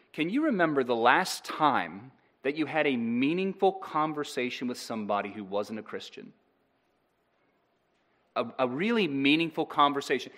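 A man's voice: mid-range voice, fairly bright tone. A male pastor preaching a sermon, earnest and direct, putting rhetorical questions to his congregation.

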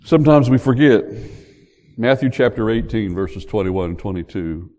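An older man preaching a sermon, telling the story in an animated way and joking with the congregation. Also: on the low side, normal speed. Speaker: pastor. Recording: long hall reverb.

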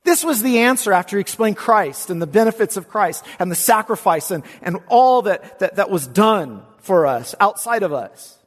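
A man preaches in a church sanctuary, his high voice leaping and dropping between emphatic declarations and quiet asides. He keeps asking his listeners rhetorical questions as he works through a passage. A long hall reverb trails behind every phrase. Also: animated, normal speed, few pauses. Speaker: pastor. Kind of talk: expository sermon.

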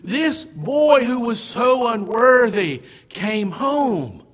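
A man preaching a sermon, swinging between loud declarations and hushed, almost whispered lines, with slow, deliberate phrasing. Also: very high-pitched, sing-song.

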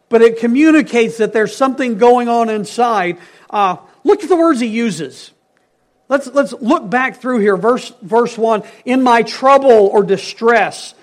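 Male pastor, high voice, earnest sermon, emphatic then hushed.

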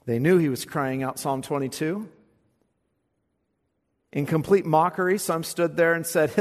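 A man preaching an expository sermon, swinging from quiet, low asides to loud, fervent recitation of scripture. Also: a little slow, pauses often. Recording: long hall reverb.

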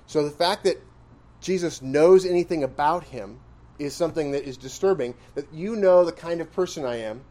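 A man's voice: on the high side, darkish tone. A man preaching an expository sermon in a conversational style, questioning his listeners and pressing points with emphatic rises. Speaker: pastor.

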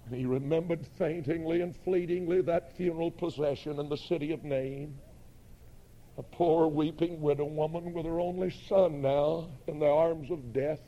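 A high-pitched male preacher delivering an impassioned sermon slowly, his voice dark and husky. The sound is dull and lo-fi, like an old church tape. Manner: impassioned, building to shouts.

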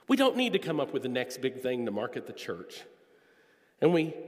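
Man preaching in an echoing hall. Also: mid-range voice. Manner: earnest, emphatic, drawn-out stresses. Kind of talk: expository sermon. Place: church sanctuary. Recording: long echo of a church hall.

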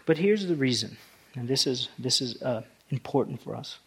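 A man's voice: medium pitch, animated, moderate pace, vocal fry, a bit bright, breathy edge. A male pastor preaching a sermon, talking through scripture in a conversational way that rises to emphatic passages.

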